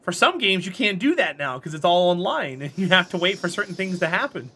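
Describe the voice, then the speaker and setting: A man's voice: sits high, very animated, a little fast, hardly any pauses, sharp tone. A man chatting casually on a live stream while playing a game, rambling and answering chat.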